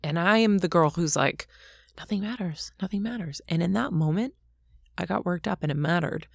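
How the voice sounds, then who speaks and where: Low-voiced woman, lively storyteller. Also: fairly quick, gravelly, no room sound, clean studio sound. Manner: animated storyteller, acts out quotes. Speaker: interview guest, author. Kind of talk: casual interview talk.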